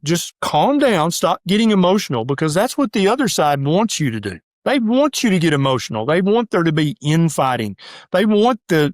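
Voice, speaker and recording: A middle-aged man, a doctor and guest, talking in an emphatic, rapid-fire way and acting out the voices of his critics in a casual interview. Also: on the high side, dry recording, clean studio sound. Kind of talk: animated casual interview talk.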